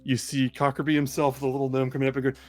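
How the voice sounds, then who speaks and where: A man narrating as game master of a tabletop game, relaxed with frequent ums. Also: medium pitch, rapid-fire.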